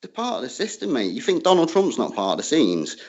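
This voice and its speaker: Argumentative bloke, animated pitch, muffled low-fi audio. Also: male voice, a little fast, creaky, crowd noise. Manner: argumentative, keeps adding "mate", heated. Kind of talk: heated argument.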